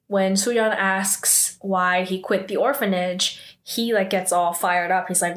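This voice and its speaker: A woman's voice: mid-range voice, steady tone, unhurried, few pauses, a bit bright. A woman casually recapping a TV drama episode in a loose, chatty way, full of fillers and her own asides.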